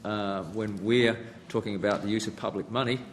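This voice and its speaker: A man testifying before a parliamentary committee, answering in a measured, hesitant way with frequent restarts. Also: fairly low pitch, steady tone, a little hiss or hum. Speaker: company executive answering senators. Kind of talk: formal hearing testimony.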